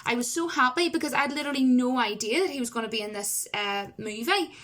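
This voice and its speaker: A woman with a fairly high-pitched voice delivers a casual film review straight to camera. She rambles and restarts, packs in fillers and leans hard on her opinions. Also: fast talker, fairly bright tone. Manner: rambling, chatty, emphatic, lots of fillers.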